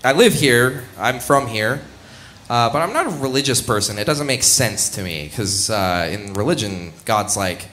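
A man's voice: mid-range voice, sing-song, moderate pace, bright, forceful tone. Rambling young male stand-up comic. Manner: rambling, self-deprecating, laughs at own jokes. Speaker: stand-up comedian. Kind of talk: live stand-up set. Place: comedy club stage.

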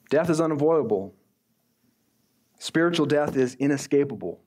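A middle-aged male pastor preaching a sermon in a conversational way, slowing down when he reads scripture aloud. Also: on the high side, a little mellow.

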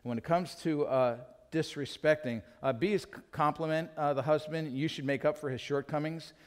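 A man's voice: a little high, steady tone, normal speed. A middle-aged man preaching a sermon as a pastor, candid and self-deprecating, acting out little talks with his wife. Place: church sanctuary. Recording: hall reverb from a church.

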